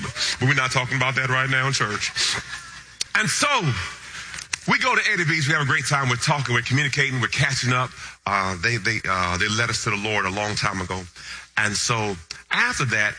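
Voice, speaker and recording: A man preaching, telling a funny story with animated, lively delivery that jumps between low asides and excited high shouts. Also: brisk. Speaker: pastor. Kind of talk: storytelling sermon.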